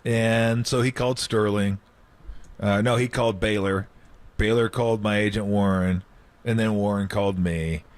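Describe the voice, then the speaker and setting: A man's voice: lowish voice, normal speed. Middle-aged guy on sports radio, telling old locker room stories, lots of voices and laughs. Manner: animated storyteller, acts out quotes, laughs often. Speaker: former basketball player guest. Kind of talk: radio sports talk storytelling.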